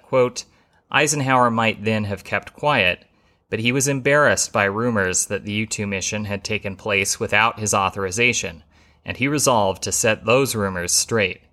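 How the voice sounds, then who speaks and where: A man hosting a history podcast, reading a scripted narration in a measured way, with the odd wry aside. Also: fairly low pitch, bright, forceful tone.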